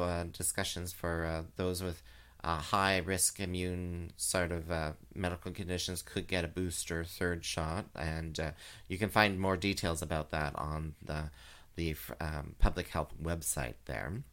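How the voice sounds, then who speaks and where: A man doing drag, hosting a chat show, talking casually with many fillers and giggles, and jumping into high sing-song voices. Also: steady tone, unhurried, a bit bright. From Canada. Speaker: drag queen radio show host. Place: home, recorded live.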